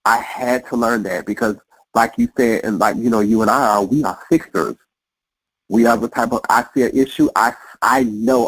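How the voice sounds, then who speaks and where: Husky reflective man, dry mic. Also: medium pitch, normal speed, no room sound, low-quality recording. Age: adult. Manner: reflective, repeats phrases, restarts often. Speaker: podcast guest. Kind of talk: casual conversation.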